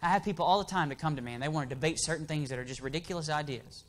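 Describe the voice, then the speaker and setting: A man's voice: fairly high pitch, very fast. A man preaching an emphatic sermon in a church, asking the congregation for amens.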